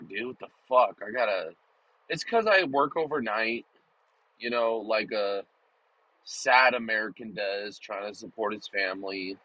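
A man's voice: lowish voice, a bit bright, breathy edge, dry recording, dull audio. A man vlogging in a rambling, joking, profane casual monologue. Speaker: vlogger and podcaster.

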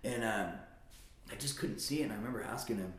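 A man in casual conversation, telling stories about his childhood. He swears freely and breaks into high-pitched impressions of family members. His voice carries a roomy echo. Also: quick pace.

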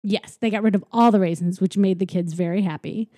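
A woman from the United States cohosting a podcast, casually retelling a story and acting out characters with quick voices and frequent laughs. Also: mid-range voice, dark tone, no echo, clean studio sound. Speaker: podcast co-host. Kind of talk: casual chat retelling a TV special.

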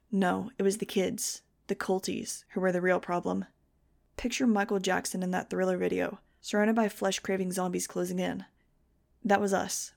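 A woman's voice: medium pitch, vocal fry, darkish tone. A woman narrating a novel in a wry first-person style for a fan audiobook. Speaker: audiobook reader.

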